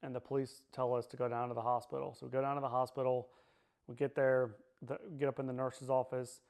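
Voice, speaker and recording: A man giving a personal testimony in a halting way, repeating himself and often pausing with fillers. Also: mid-range voice, little pitch movement, gravelly, darkish tone. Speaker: survivor sharing his personal story.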